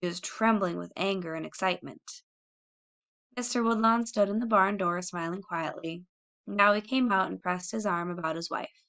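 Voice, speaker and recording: A woman narrating a classic children's novel, in even storytelling with measured pauses. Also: mid-range voice. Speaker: audiobook narrator. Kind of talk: scripted narration.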